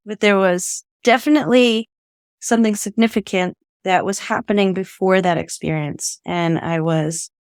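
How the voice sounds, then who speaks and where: A woman's voice: medium pitch, smooth, no echo, studio quality. A woman guest telling a personal story in earnest, often laughing and acting out what people said. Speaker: interview guest.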